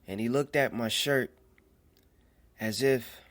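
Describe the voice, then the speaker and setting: A man telling a personal faith testimony in an earnest, halting way, often repeating phrases as he goes. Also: medium pitch, fairly bright tone. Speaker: storyteller.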